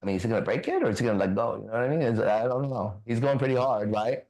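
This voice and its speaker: A man hosting a faith talk show, telling a story in a casual, profane, animated way and acting out the other voices. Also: medium pitch, very fast, low-quality recording. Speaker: ministry host.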